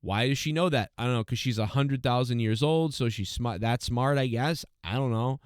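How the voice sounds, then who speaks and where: Smooth-voiced man ranting through a review. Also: medium pitch, moderate pace, no room sound, studio quality. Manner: ranting, exasperated, mocking quoted characters. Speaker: show reviewer. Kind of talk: casual review monologue.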